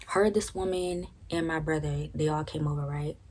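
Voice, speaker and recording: A woman's voice: low-pitched, fairly even intonation, normal speed, darkish tone. A young woman casually telling a personal story, frank and profane, often checking in with "right?". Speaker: storytime vlogger.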